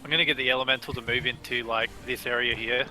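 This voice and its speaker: A man's voice: mid-range voice, fairly even intonation, quick pace, pushed and bright, soft background music. A man playing his character at a casual tabletop game, talking eagerly about his moves. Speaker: player.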